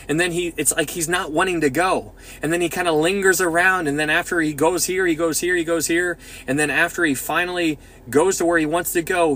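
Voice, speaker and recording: A man leading a casual Bible study, talking in an excitable, rambling way full of restarts. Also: fairly high pitch.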